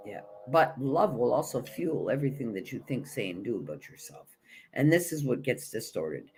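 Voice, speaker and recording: A woman's voice: rumbling low, big pitch swings, moderate pace, a little mellow, slightly rough. A woman coaching on energy and self-love in a blunt, emphatic, repetitive way, swearing casually and restarting her sentences. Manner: conversational, with frequent restarts and fillers. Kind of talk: motivational spiritual talk.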